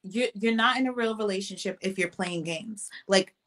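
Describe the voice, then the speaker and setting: A young woman co-hosts a casual podcast. She speaks frankly and in a preachy, advice-giving way, and calls the listeners honey and ladies. Her pitch sits in the middle range for a woman. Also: moderate pace, fairly bright tone. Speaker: podcast co-host. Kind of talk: casual chat.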